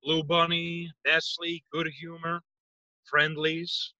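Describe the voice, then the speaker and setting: Very bright-voiced man, casual chat. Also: a little high, monotone, slow, no room sound, muffled recording. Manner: loose, profane storytelling.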